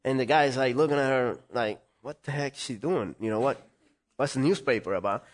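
Man telling a lively story. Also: medium pitch, fairly quick. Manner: animated, acts out quoted voices. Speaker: interview guest. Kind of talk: storytelling in conversation.

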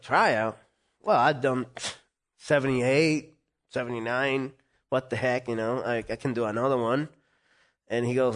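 Man telling a lively story. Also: mid-range voice, measured pace, long pauses. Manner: animated, acts out quoted voices. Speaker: interview guest. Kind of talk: storytelling in conversation.

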